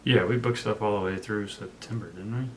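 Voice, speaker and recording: A man's voice: lowish voice, steady tone, fairly quick, a little hiss or hum. A young man co-hosting a casual personal finance vlog, talking in a laid-back way with joking asides. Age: young adult. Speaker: co-host. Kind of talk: casual chat.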